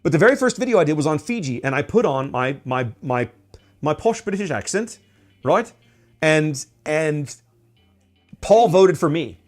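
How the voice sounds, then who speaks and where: A man's voice: fairly high pitch, lively intonation, moderate pace, soft background music. A man chatting casually on a stream as he paints miniatures, rambling with many fillers and restarts.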